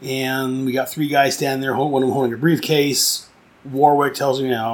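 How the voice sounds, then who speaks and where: A man's voice: medium pitch, level tone, a little fast. A man casually reviewing a comic book, rambling and enthusiastic, with frequent restarts and fillers.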